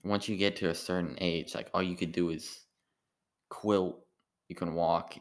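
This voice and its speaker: A tired man, an amateur comedian, rambling in a halting casual monologue full of restarts. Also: low voice, vocal fry.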